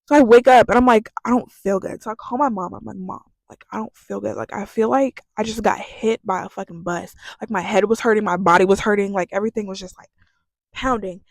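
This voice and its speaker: A woman's voice: medium pitch, fairly even intonation, brisk, no echo. A young woman telling a storytime vlog in a chatty, profane way, full of fillers. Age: young adult. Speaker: vlogger.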